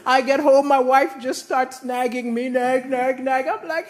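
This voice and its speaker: A man from Malawi, doing a stand-up comedy set with animated, exaggerated punchlines. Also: very high-pitched, unhurried. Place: large theatre stage. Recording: roaring live audience, noisy stage mic.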